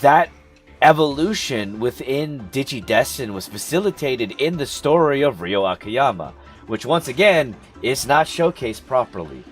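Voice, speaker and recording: A man's voice: mid-range voice, sing-song, a little slow, husky, soft background music. A man streaming a game, chatting casually and ranting with opinionated, profane takes. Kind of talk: casual live-stream chat.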